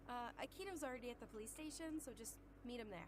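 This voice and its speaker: A woman's voice: a little high, fast talker, noisy background, natural voice. A woman voicing a playful, teasing young female detective partner in a visual novel.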